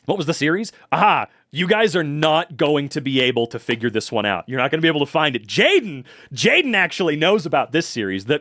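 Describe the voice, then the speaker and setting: An American man in a casual live stream, reading viewers' messages aloud and answering them in animated, swearing chat. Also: fairly high pitch, brisk, no room sound, studio quality. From United States. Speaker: streamer and hobby voice actor.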